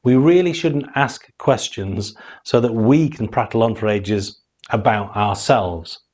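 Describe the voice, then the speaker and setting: A man's voice: on the low side, measured pace, darkish tone. A man giving a scripted course lesson, telling anecdotes and acting out the dialogue in them. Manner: storytelling, acting out quoted dialogue. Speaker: course instructor. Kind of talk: scripted teaching monologue.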